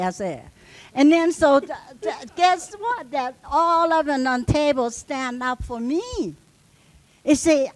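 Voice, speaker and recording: A woman's voice: high-pitched, slow pace, dry recording, poor audio. A middle-aged woman, a union member on a panel, telling a story at a live event and acting out the dialogue. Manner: animated, acts out quoted dialogue.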